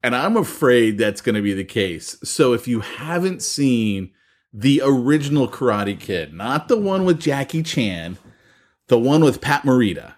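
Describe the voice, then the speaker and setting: A man co-hosting a podcast, telling stories in a casual, laughing, animated way. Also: mid-range voice, a little slow. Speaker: podcast co-host. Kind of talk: casual chat.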